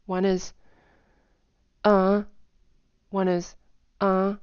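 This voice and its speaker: A woman casually explaining tone patterns in a lesson, talking in a chatty way with lots of fillers and humming or singing syllables to show pitch. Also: level tone, drawn-out words, a little mellow, clear, resonant tone, no echo, dull audio. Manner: chatty, many fillers, hums and sings tone patterns. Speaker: language teacher.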